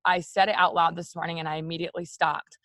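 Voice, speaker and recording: A woman's voice: fairly low pitch, level tone, fast, a bit bright, no echo, clean studio sound. A woman hosting a casual morning video chat, speaking openly and directly to her viewers as "you guys", with many "like" and "you know" fillers. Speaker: host of a morning live video for women.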